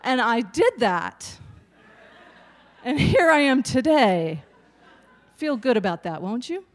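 A woman in her sixties who is both a nurse and a stand-up comic performs a chatty, self-deprecating routine for her audience. Her slightly high voice swings widely in pitch, and she takes her time.

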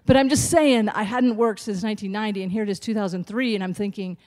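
A woman's voice: mid-range voice, fast talker, darkish tone. A woman in her sixties, a nurse and stand-up comic, delivering a chatty, self-deprecating routine to the audience. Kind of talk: stand-up comedy.

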